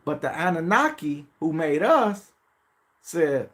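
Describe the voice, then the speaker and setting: Animated high-voiced man ranting. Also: a little slow. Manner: animated, swearing, mocking pleading voices. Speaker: podcast host. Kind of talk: casual profane monologue.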